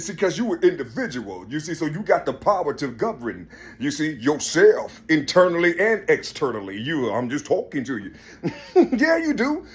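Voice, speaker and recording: A man's voice: on the high side, sing-song, normal speed, husky. A man talking in a rambling, casual monologue, laughing often and repeating "listen" and "you see" as he addresses an unseen listener.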